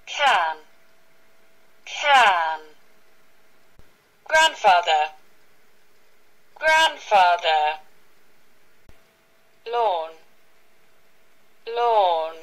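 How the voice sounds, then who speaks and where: A woman reading English vocabulary words one at a time for learners, saying each word twice with pauses between. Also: fairly low pitch, a bit bright, rough recording. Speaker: vocabulary reader.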